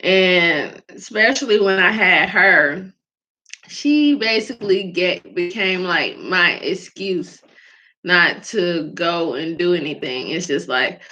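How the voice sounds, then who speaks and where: A woman's voice: fairly low pitch, lively intonation, takes it slowly, pushed and bright. A woman hosting a podcast about faith, talking candidly in a casual way, with many fillers and frequent laughs. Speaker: podcast host. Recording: dull lo-fi recording.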